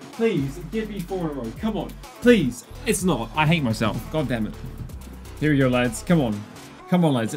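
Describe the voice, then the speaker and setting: An excitable young man commentates a game pack opening, his voice swinging from high yelps down to low grumbles. His tone sits slightly high, and faint music plays underneath. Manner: excitable, loud outbursts and groans, addresses viewers as lads. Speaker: gaming YouTuber.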